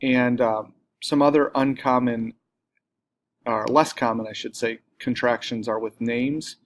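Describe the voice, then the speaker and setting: A man talks through a grammar lesson in a plain, explanatory way. His voice sits in a middle pitch, neither high nor low. He pauses now and then with a filler or corrects himself mid-sentence. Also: steady tone, a little hiss or hum. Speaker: teacher.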